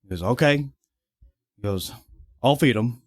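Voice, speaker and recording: A man's voice: medium pitch, expressive, a little slow, dry recording, clean studio sound. A young man, a podcast guest, telling casual stories, swearing freely and laughing as he talks. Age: young adult. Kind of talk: casual storytelling.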